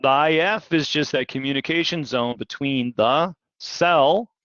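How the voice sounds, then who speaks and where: A man teaching physiology in a live online lecture, animated and questioning, repeating key words. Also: a little high, unhurried, clean tone, dry recording. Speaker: physiology instructor. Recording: dull, dry video-call audio.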